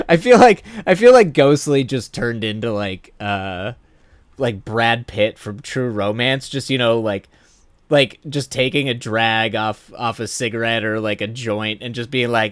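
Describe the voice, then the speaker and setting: A man's voice: medium pitch, measured pace, smooth, no echo. A man hosting a livestream, chatting loosely with viewers, rambling with lots of fillers and frequent laughs. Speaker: livestream host. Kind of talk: casual chat reading viewer comments.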